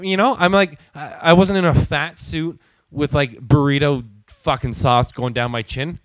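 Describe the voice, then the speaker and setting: A man's voice: fairly high pitch, fairly bright tone, dry recording. A man hosting his own show, telling a heated, profanity-filled comic story. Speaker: show host.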